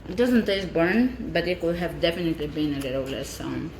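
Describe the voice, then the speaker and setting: Woman home baker, low-pitched, eager and chatty, echoey kitchen with faint background noise. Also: fairly quick. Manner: enthusiastic, chatty, tasting as she talks. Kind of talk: casual cooking vlog.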